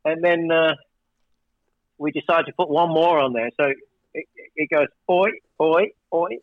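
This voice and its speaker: Producer guy telling studio stories, kinda muffled dry line, voice sits a bit high. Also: moderate pace, dry recording. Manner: animated storyteller, acts out studio exchanges. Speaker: record producer guest. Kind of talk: storytelling interview.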